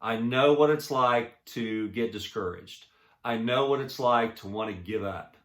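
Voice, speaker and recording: A man giving a personal inspirational talk. He speaks earnestly and haltingly, restarting often, and swings between soft and emphatic. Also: mid-range voice, reverberant. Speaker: motivational speaker.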